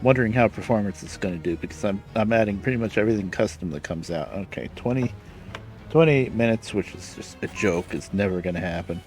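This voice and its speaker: A man's voice: lowish voice, a little fast, darkish tone. Lisping man rambling over game music. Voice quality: lisp. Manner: rambling, muttering to himself mid-game. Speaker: game streamer. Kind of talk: casual live-stream commentary while playing.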